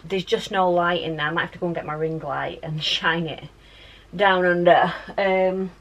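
A woman's voice: fairly low pitch, steady tone, normal speed, highs cut off, a little hiss or hum. A woman, chatting casually as she vlogs from her child's bedroom at home, rambling with lots of fillers. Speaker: vlogger and mum. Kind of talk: casual home vlog chat.

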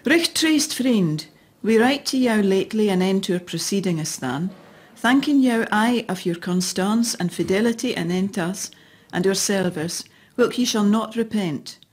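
A woman voice actor reading a historic letter in old Scots as a regal queen, with a Scots accent touched by French and a breathy, husky tone. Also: medium pitch, lively intonation, normal speed, few pauses. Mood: stately, formal. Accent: Scots with a French lilt.

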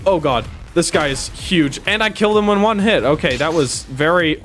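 A young man talks through a video game as he plays it live, his voice sitting a little high for a man. He swings from muttering to sudden yelps and shouts. Faint game music plays under him. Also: lively intonation, moderate pace. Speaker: streamer. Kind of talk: live gameplay commentary.

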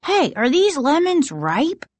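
A cheeky little boy in a storybook reading, as a woman narrator puts him on. His voice rides high and eager, and the reading is unhurried and dry. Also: big pitch swings, dry recording, heavily acted. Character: young boy, pesky little brother.

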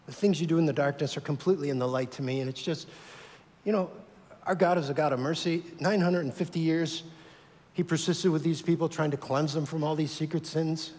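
A pastor preaching a sermon to his church, acting out voices and swinging between loud calls and hushed, heartfelt asides. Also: on the high side, fairly even intonation, brisk. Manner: dramatic, acts out voices of God and worshippers, swings from loud to hushed. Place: church sanctuary. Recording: long hall reverb.

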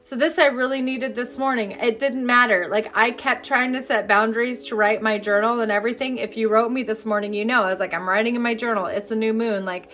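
A woman energy healing coach leading a live-streamed session, talking candidly and bluntly, then turning to slow, repeated guided affirmations. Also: on the high side, fairly even intonation, a bit bright. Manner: candid, chatty and profane, then slow incantatory guidance.

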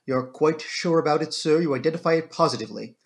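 A man voicing a brisk, self-assured male police inspector in an audiobook, matter-of-fact and blunt. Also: fairly high pitch, close to an everyday voice. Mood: confident.

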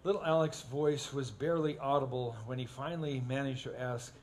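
A man preaching a sermon, telling stories in a folksy way and getting animated when he acts them out. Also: medium pitch, brisk, slight background noise. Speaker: pastor. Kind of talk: sermon with humorous storytelling. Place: church sanctuary.

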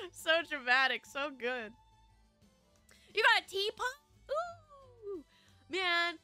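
A woman's voice: high-pitched, pushed and bright, no echo. A young woman streaming a game, chatting casually with her viewers in a bubbly, giggly way. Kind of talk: casual live-stream chat.

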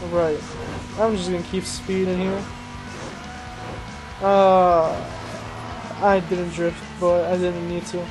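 Speaking slowly and pausing often, a young man with a high-sitting voice commentates his racing game in a casual, rambling way. He mocks himself and is easily roused to excited exclamations. Behind him are the game's music and car sounds, and the recording is rough.

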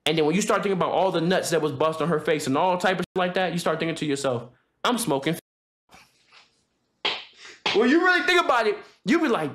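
A man livestreaming, ranting loudly and profanely in casual talk, joking and laughing. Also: sits high, lively intonation, a little fast, echoey room. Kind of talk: casual stream rant.

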